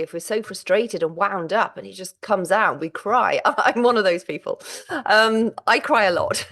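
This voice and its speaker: A middle-aged woman hosting her own vlog about menopause and sharing a candid personal update. She talks while exhausted and close to tears, with halting starts and restarts. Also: mid-range voice. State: physically and mentally exhausted.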